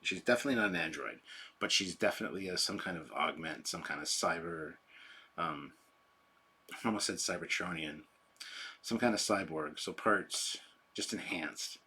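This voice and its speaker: A livestream host rambles in a chatty, self-deprecating way as he reads and responds to chat on a sensitive desk microphone. His voice is low-pitched but pushed and bright with a breathy edge, at normal speed.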